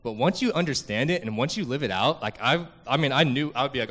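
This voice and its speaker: A man's voice: mid-range voice, animated, quick pace, few pauses, a bit bright, big-room sound. A young man giving an earnest, emotional church testimony about a mission trip, full of fillers and restarts.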